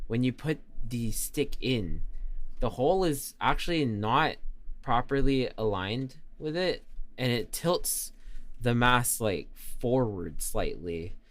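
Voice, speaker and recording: A man's voice: mid-range voice, expressive, slow, a bit bright. A young man streaming and chatting casually. He talks about himself in the third person and mocks himself. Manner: self-mocking and chatty. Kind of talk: casual live-stream chat.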